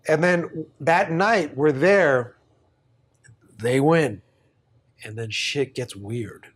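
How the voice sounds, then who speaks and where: Fairly high-voiced man from Boston. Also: drawn-out words, husky. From Boston, USA. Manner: rambling, swears freely, laughs through his stories. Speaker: podcast host. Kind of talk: casual podcast storytelling.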